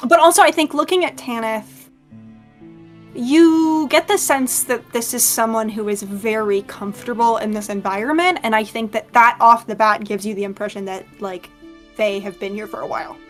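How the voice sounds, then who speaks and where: A woman's voice: fairly high pitch, normal speed, soft background music. Rambling woman game master. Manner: rambling, with many fillers. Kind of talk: narrating a tabletop game.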